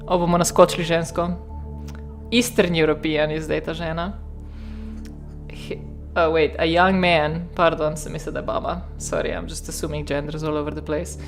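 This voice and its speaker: A woman's voice: sits low, little pitch movement, normal speed, soft background music. A woman with a Slovenian accent, reading game text aloud and adding wry, sarcastic asides as she streams.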